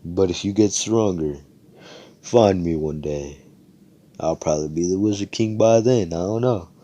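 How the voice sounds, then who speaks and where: A young man voicing a brash young male fighter who talks in a cocky, offhand and threatening way, in a low voice. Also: unhurried, dark tone.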